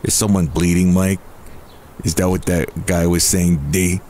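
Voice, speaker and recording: A man voicing Valentino, a deep-voiced, slow-witted parking attendant on a comedy podcast. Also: steady tone, mellow, slight background noise. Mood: dopey.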